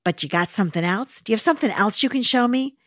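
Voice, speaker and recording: A woman's voice: fairly high pitch, lively intonation, fast talker, dry recording, studio quality, natural voice. A woman playing an eager, teasing grown son. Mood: playful coaxing. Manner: playful, coaxing. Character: Jesus as an eager adult son, teasing and admiring.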